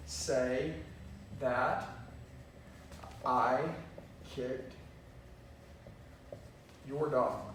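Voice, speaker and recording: A sales trainer with a fairly high voice gives an energetic, punchy lesson, frequently asking "okay?" and saying "watch this." He's recorded from a distance in an echoey room, with a little hiss or hum.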